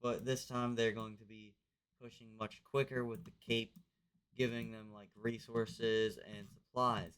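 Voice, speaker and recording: A man's voice: mid-range voice, little pitch movement, a little slow, a bit bright. A man narrating a map game casually, loose and rambling with lots of fillers. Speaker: video narrator.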